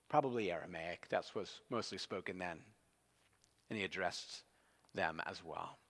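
A man's voice: fairly low pitch, fairly bright tone, long reverb tail. A man preaching an expository sermon in a conversational, storytelling manner.

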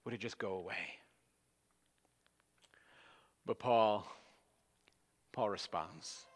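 A man's voice: lowish voice, very slow, long reverb tail. A man preaching an expository sermon in a conversational, storytelling manner.

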